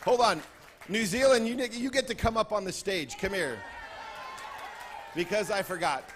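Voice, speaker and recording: Playful man shouting greetings on stage. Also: high voice, normal speed, a faint crowd, slight background noise. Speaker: convention speaker on stage. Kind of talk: lively stage address to a crowd. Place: large convention hall with a crowd.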